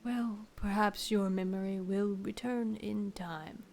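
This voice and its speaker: A woman voicing a kindly old king of a fish-like folk in a video game, speaking slowly and formally. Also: medium pitch, steady tone, gravelly, darkish tone, slight background noise. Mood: wistful. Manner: slow, measured and formal.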